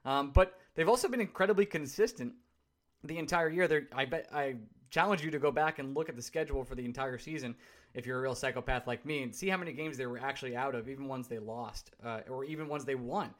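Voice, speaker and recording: A man hosting a casual podcast, reading out listener questions and chatting briskly. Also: mid-range voice. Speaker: podcast host.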